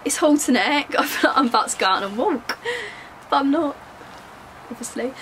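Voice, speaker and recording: While trying on clothes at home for her vlog, a young woman chats in a bubbly, giggly way and jokes with viewers during a try-on haul. Her high voice is expressive and a bit bright, at normal speed. The recording is rough, with slight background noise.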